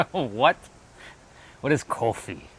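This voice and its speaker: A man's voice: mid-range voice, moderate pace, fairly bright tone, slight background noise. A man hosting a casual livestream, chatting loosely with viewers, joking and swearing as he reads the chat aloud. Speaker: livestream host.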